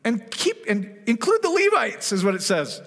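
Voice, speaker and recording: A man preaching a conversational sermon, animated, often asking the congregation questions and acting out quotes. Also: very high-pitched, moderate pace, big-room sound. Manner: animated, asks the audience questions, acts out quotes. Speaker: pastor.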